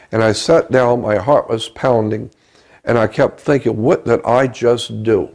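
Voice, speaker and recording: Gravelly man telling a story slowly. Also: mid-range voice, darkish tone. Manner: halting, repeats words, slow. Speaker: interview guest. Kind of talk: recounting a personal story.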